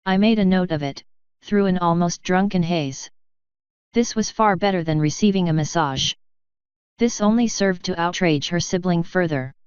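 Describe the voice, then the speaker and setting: Woman, audiobook narrator, lowish voice, very smooth, dry slightly dull recording. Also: normal speed, dry recording. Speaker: fanfiction reader.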